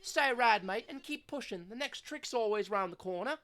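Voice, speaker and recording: Woman doing a loud Australian skater girl. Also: fairly high pitch, animated, normal speed, pitched above the performer's own voice. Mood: good-natured. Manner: loud, boisterous slang-filled banter. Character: brash young woman skater, cheerful and cocky.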